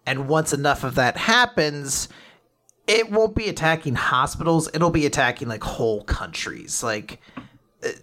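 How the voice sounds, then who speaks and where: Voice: medium pitch, animated, measured pace, fairly bright tone. A podcast host voicing a young woman fighter who explains a threat in an offhand, matter-of-fact way.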